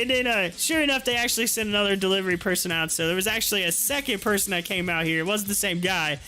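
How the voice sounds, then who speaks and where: Brief: chatty male streamer, very high bright voice, faint music behind. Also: fast talker, few pauses. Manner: chatty, laughs often, frequent restarts. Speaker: live stream host. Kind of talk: casual chat, storytelling. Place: home.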